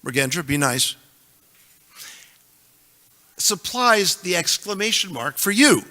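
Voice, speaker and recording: A man's voice: high voice, big pitch swings, slow, bright, forceful tone, in a large hall. A man teaching a class on scripture, reciting verses with emphasis and making joking asides to his audience. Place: temple hall.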